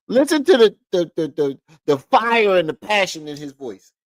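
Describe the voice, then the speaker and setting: A man's voice: sits high, sing-song, moderate pace, low-quality recording. A man hosting a stream, giving profane, sarcastic reaction commentary. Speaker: streamer host.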